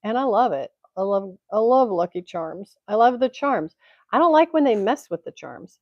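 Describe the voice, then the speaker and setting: Hosting an indoor livestream from her home in Tennessee, USA, a woman talks at medium pitch and normal speed in an animated way. Her chat is rambling and full of laughter, captured dry on a computer mic with the highs cut off.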